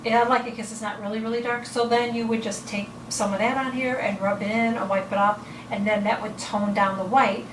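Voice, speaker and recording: A woman's voice: fairly high pitch, fairly even intonation, a little fast, hardly any pauses, reverberant, far from the mic, background noise. A woman casually explaining how to accent painted furniture, rambling with fillers and correcting herself as she shows pieces at home. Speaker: home decorating vlogger.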